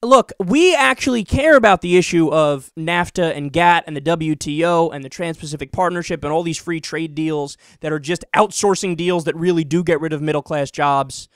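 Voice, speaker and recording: A man's voice: a little high, moderate pace, few pauses, smooth, no room sound, clean studio sound. A man giving online political commentary in a sarcastic, mocking and profane ranting manner.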